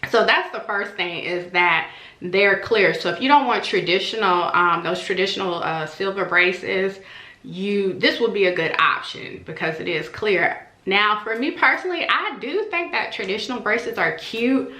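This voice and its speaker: A woman chats to camera in a personal vlog, open and emotional, slipping into the voices of the people she quotes. Her voice is bright and forward. The room around her rings with echo. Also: medium pitch, normal speed. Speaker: vlogger. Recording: echoey room.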